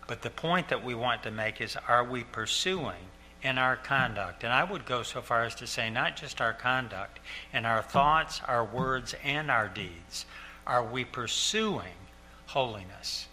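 An older male pastor delivers an earnest sermon in a strikingly bright, forward voice, pausing to repeat key phrases slowly. A faint steady hum sits under the recording. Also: mid-range voice. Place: church sanctuary.

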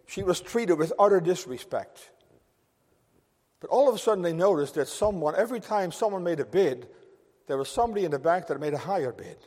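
A male preacher delivers a sermon with a slightly raised pitch, speaking earnestly. He pushes key phrases hard and then drops to near quiet. His voice trails off in the long reverb of a church sanctuary. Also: lively intonation, brisk. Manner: earnest, emphatic, swings between loud stress and quiet.

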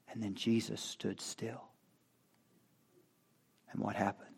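A man preaching a sermon as pastor, reading scripture and rising to loud, impassioned cries. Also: on the low side, steady tone, vocal fry, slightly rough. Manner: slow, building to loud impassioned cries when quoting scripture.

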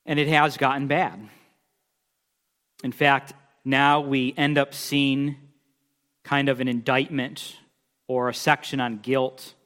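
A man preaching a sermon, emphatic, swinging between loud declarations and quiet asides as he reads scripture aloud. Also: medium pitch, flat delivery, slow, long pauses. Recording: long hall reverb.

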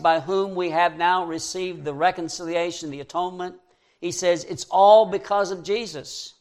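A man preaching a sermon, reading scripture verse by verse and rising to fervent emphasis. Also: a little high.

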